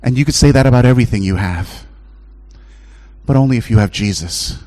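A middle-aged man preaching a sermon as a chaplain, shifting between impassioned high-pitched pleading and low, hushed storytelling. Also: brisk.

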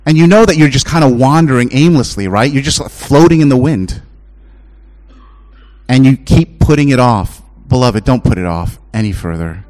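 A middle-aged chaplain delivers a sermon, moving between passionate, high-pitched pleading and quiet, low storytelling. His delivery is expressive and his pace is normal.

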